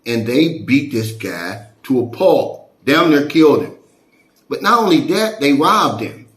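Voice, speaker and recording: A man vlogging on his channel and telling a story in a chatty, animated way, sprinkling in "man" as he goes. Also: medium pitch, a little slow, reverberant. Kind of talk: casual storytelling vlog.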